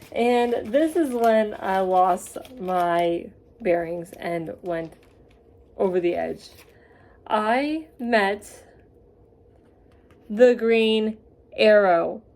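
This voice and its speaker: A young woman telling a rambling, gushing story in a casual vlog, excitable and quick to get carried away. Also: fairly high pitch. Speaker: vlogger.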